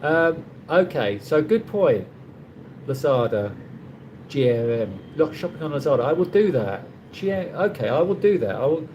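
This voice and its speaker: Here the London man's voice is fairly high and swings widely in pitch, moving at a moderate pace with a darkish tone. The recording sounds muffled and carries slight background noise. He is a middle-aged livestream host from London, England, chatting casually, reading out viewer comments, and restarting often as he rambles.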